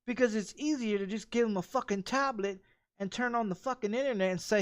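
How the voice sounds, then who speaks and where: Mid-rant, a game streamer swears angrily and keeps circling back to the same points in a heated, repetitive way. The voice is middling in pitch and moves at a moderate pace.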